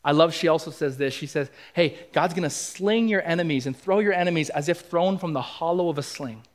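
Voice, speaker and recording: Guy preaching in church, kinda high voice, earnest and punchy. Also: brisk. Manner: earnest, building emphasis, acts out quoted lines. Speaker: pastor. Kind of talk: sermon. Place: church sanctuary.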